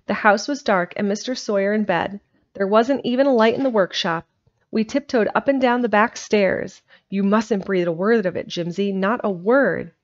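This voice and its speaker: A gentle, tired aunt from an old storybook, speaking in a soft, hushed and tender way, as a woman reading aloud puts her on. Her voice sits at an ordinary middle pitch. It comes through a dull, lo-fi home recording. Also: moderate pace, natural voice.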